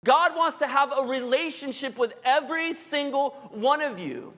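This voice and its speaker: A man's voice: extremely high pitch, moderate pace, bright, forceful tone. A man preaching a sermon in a candid, humorous, conversational way. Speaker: pastor. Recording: hall reverb.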